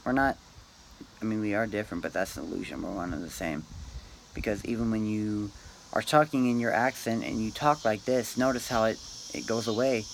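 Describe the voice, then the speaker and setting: A man rambling through a meandering, philosophizing monologue to camera, pausing often and tagging lines with "man" and "dude". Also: on the low side, vocal fry, a little hiss or hum, rough recording. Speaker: vlogger.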